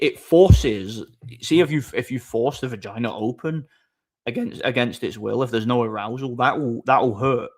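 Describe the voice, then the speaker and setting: Man, live streamer, casual chat, rambling, repeats words, laughs often, mid-pitched voice. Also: darkish tone.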